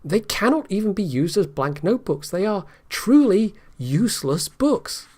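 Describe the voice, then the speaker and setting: A man's voice: high-pitched, sing-song, moderate pace, darkish tone, voice pushed up. A man voicing a skinny, timid male monk who whines his lines in a novel reading. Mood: eager. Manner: whiny.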